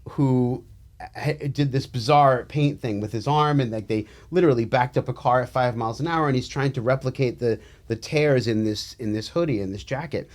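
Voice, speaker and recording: A man's voice: mid-range voice, normal speed. A man co-hosting a casual legal podcast as a trial attorney, sardonic and joking, with many fillers and restarts.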